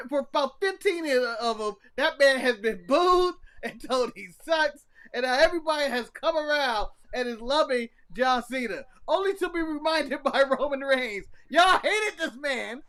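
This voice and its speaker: A man co-hosting a casual wrestling podcast, animated and laughing often. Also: very high voice. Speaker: podcast co-host.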